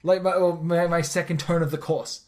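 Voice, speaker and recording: A podcast host chatting casually in an excitable, rambling way, often restarting and repeating words mid-sentence. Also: mid-range voice, normal speed.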